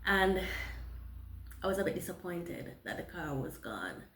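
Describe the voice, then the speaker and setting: A woman telling a personal testimony, animated, with many restarts and acted-out dialogue. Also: fairly low pitch, unhurried, reverberant, slight background noise. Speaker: motivational storyteller.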